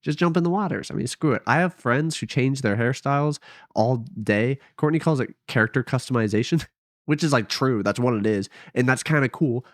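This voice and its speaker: A young man talks into a headset mic at home, rambling and hesitant, often doubting himself aloud. His voice sits at an ordinary middle pitch. The sound is close and dry with no room echo. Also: fairly quick. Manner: rambling, hesitant, self-deprecating. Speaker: vlogger. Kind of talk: casual late-night vlog.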